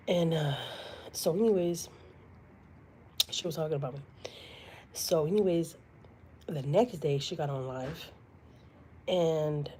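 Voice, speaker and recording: A woman's voice: sits low, dark tone, a little hiss or hum, poor audio. A woman from Houston, telling a story to her live-stream viewers in a chatty way, with lots of fillers. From Houston, Texas. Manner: chatty, many fillers, quotes others dramatically.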